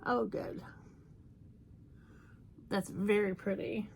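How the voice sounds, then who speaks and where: A woman's voice: medium pitch, steady tone, drawn-out words, vocal fry, darkish tone, slight background noise. A woman chatting casually through a makeup tutorial, playful and self-mocking. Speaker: makeup YouTuber.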